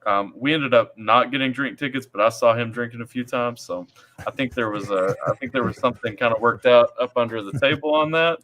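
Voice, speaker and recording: A man's voice: medium pitch, brisk, fairly bright tone, a little hiss or hum, rough recording. A man, an army veteran, telling a long casual story, often repeating words as he goes.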